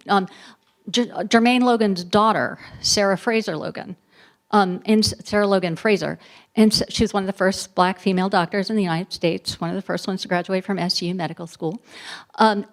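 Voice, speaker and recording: Middle-aged woman professor answering questions at a talk, emphatic and chatty, tells it like a story, mid voice. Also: mid-range voice. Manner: animated storytelling, emphatic, with asides. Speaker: history professor, guest speaker.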